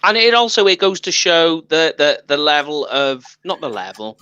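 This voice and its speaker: A man from the UK co-hosting a casual fan chat, animated and teasing, laughing often. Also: fairly high pitch, moderate pace, smooth, dry recording, dull audio. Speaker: podcast co-host.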